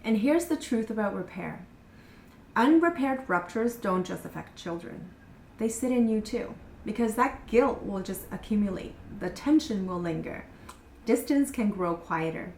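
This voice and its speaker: A woman in her thirties, a parenting coach, giving a calm, measured masterclass talk that slows down on key phrases. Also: mid-range voice, reverberant, slight background noise, low-quality recording.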